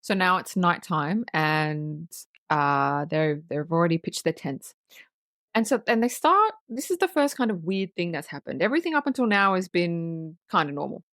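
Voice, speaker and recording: A woman's voice: fairly low pitch, big pitch swings, moderate pace, fairly bright tone, dry recording, studio quality. A woman co-hosting a podcast, retelling a film's plot in casual chat, blunt and swearing. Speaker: podcast co-host.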